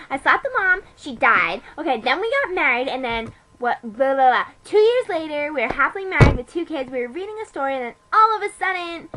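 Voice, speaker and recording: A woman's voice: high-pitched, bright, forceful tone, a little hiss or hum, rough recording. A young woman telling a made-up story to camera in a chatty, sassy way, full of "like" and swearing. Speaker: vlogger. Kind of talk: casual comic storytelling. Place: bedroom.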